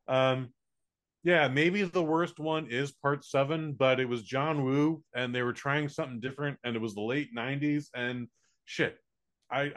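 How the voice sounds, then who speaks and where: Dude cohosting a podcast, rambly and sweary, jokes around, normal middle pitch voice. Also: male voice, fairly bright tone. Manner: profane, rambling, joking. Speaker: podcast co-host reviewing movies. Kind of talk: casual podcast chat.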